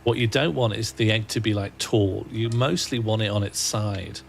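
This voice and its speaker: In a casual gaming livestream, a man with a lowish, creaky voice rambles wryly to himself and his chat at a moderate pace. His talk is musing self-talk, with soft music playing in the background.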